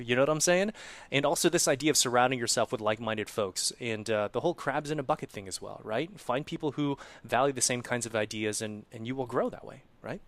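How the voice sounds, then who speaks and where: A man's voice: fairly high pitch, fairly bright tone. A man hosting an interview, casual and affirming, reflecting back on his guest's story. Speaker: podcast host. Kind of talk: interview conversation.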